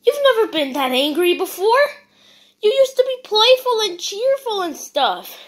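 Very high, lively-voiced woman performing a skit. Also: unhurried. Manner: theatrical, swings from chatty to panicked shouting. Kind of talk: playful comedic skit acting.

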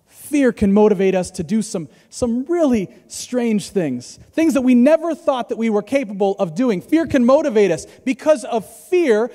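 Male pastor, thirties, dynamic preaching from loud to hushed, in a reverberant church hall. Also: very high voice. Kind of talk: sermon.

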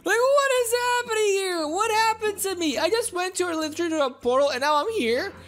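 A woman commenting on her gameplay to her viewers, animated, yelling and laughing as she plays. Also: very high voice, a little fast. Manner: animated, squealing and laughing at the game. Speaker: gaming video host.

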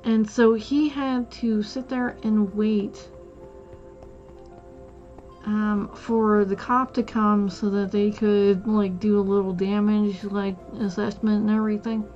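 A woman's voice: medium pitch, level tone, slow, darkish tone, muffled recording, soft background music. A woman streamer telling a work story in casual chat, rambling with lots of fillers and restarts.

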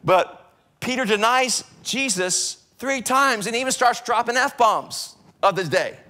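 A middle-aged American man preaching a sermon in a church, animated, swinging between loud bursts and hushed passages. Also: very high-pitched, slow. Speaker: pastor. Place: church sanctuary.

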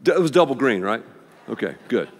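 A man preaching a sermon as pastor, with an animated, playful manner. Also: medium pitch, fairly quick. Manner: animated, playful, leads the congregation in call-and-response. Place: large church auditorium. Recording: long reverb of a large church hall.

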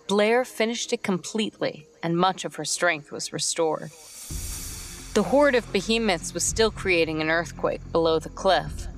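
A woman storyteller reading a romance story as scripted narration, in a steady, even way. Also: fairly low pitch.

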